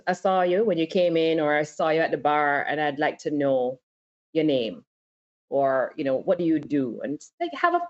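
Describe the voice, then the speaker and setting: A woman co-hosting a casual podcast panel chat, telling stories candidly and laughing often. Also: deep voice. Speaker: podcast co-host. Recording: slightly dull lo-fi sound.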